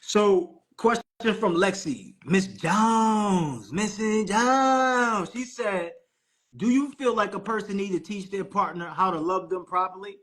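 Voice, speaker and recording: A man's voice: high-pitched, lively intonation, a little slow, few pauses, fairly bright tone. A man hosting a live call with preachy, hyped motivational talk. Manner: preachy, hyped, calls the audience Queen.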